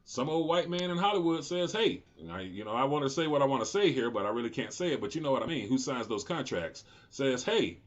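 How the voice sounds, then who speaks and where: A man's voice: mid-range voice, lively intonation, quick pace, hardly any pauses, lo-fi sound. A man in his forties hosting his own political commentary show, talking unscripted, heated and profane, often rising into indignant outbursts. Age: 40s.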